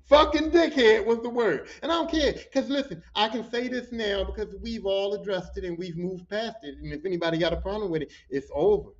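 A man hosting a podcast, telling animated, profane stories about his job as a pile driver. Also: sits high, fairly quick, few pauses. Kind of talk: casual storytelling. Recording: dull lo-fi recording.

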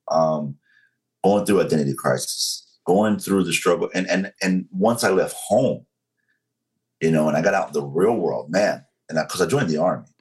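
A man in his forties with a Southern accent from North Carolina speaks frankly as an interview guest, telling his story slowly and with control. He has a deep voice, captured on a low-quality recording.

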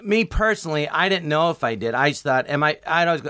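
A man's voice: on the high side, brisk, few pauses, no room sound, clean studio sound. A man, a comedian guest, telling stories in an interview and acting out what people said to him. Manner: animated, acts out quoted dialogue with many "I go"s. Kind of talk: storytelling in a podcast interview.

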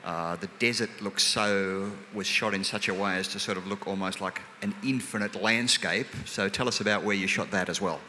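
A man interviewing a film director onstage, asking measured questions with a dry wit. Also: lowish voice, fairly even intonation, bright, forceful tone. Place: hall before a live audience. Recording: long hall reverb, faint noise.

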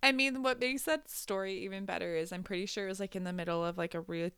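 A young woman co-hosting a podcast, chiming in with relaxed, agreeable casual chat. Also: medium pitch, quick pace, clean tone, no room sound. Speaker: podcast co-host.

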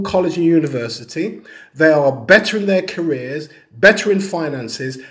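A man giving an earnest teaching talk on grief, telling stories and acting out the people he quotes. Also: on the high side. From Caribbean heritage. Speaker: speaker on grief and bereavement.

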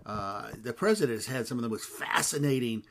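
A man preaching a sermon in a conversational, digressive way, full of fillers and asides, swinging from loud emphasis to hushed lines. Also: mid-range voice, animated, brisk.

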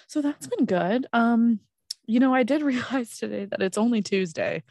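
A woman's voice: fairly high pitch, animated, moderate pace, a little mellow, no room sound, clean studio sound. Chatty woman explaining for listeners. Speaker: podcast co-host. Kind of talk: casual chat. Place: basement room.

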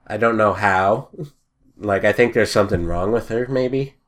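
A young man chatting casually on a podcast, rambling and joking, and acting out little shouted scenes. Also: fairly low pitch, moderate pace, very noisy. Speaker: podcast host. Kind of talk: casual chat.

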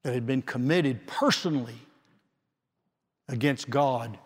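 A man preaching a sermon with slow, dramatic delivery and long pauses, swinging from forceful declarations to hushed, quiet phrases. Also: mid-range voice. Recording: long reverb of a large hall.

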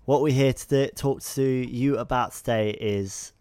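A man's voice: mid-range voice, fairly even intonation, measured pace, darkish tone, smooth, dry recording, clean studio sound. A man interviewing a guest in a casual, loose way, filling his questions with lots of "like". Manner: loose, fills talk with "like".

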